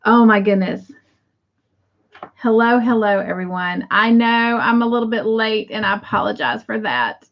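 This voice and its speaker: A woman hosting a crochet livestream, chatting casually and warmly with viewers and often breaking into laughter. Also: medium pitch, moderate pace, creaky, lo-fi sound. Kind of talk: casual chat to live viewers.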